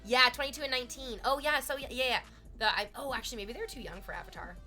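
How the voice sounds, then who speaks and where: A woman's voice: on the high side, quick pace, pushed and bright, soft background music. A young woman streamer chatting casually, rambling and profane, quoting comedy bits between laughs. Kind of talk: casual live-stream chat.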